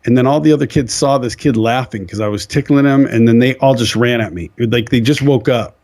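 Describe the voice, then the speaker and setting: An earnest man in a mid-range voice shares a personal faith story with a guest speaker's conviction. He speaks plainly and sincerely, pausing and restarting as the story moves him. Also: medium pitch, a little mellow. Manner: earnest, acts out quoted voices.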